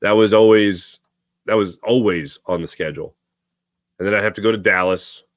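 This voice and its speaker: A man's voice: lowish voice, moderate pace, dry recording, studio quality. A young man hosting a live sports talk stream, rambling and reading viewers' comments aloud. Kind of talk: casual live-stream chat.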